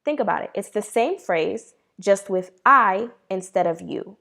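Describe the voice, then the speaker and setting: Female language teacher, patient and encouraging, quizzes then answers herself, slows down to model words. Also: mid-range voice, lively intonation, gravelly, a bit bright. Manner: encouraging, asks questions and answers them herself. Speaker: Hebrew teacher. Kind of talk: beginner language lesson.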